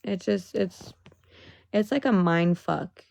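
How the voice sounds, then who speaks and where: A woman's voice: lowish voice, slow pace, vocal fry, a little mellow, no room sound. A young woman venting on a casual livestream, emotional and swearing, rising into exasperated outbursts.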